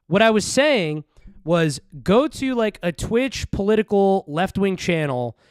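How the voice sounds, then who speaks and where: Brief: male streamer, fairly high and very animated, profane rambling commentary, dry close mic. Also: unhurried, smooth, dry recording. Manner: rambling, profane, jumps between topics. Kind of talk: casual livestream commentary.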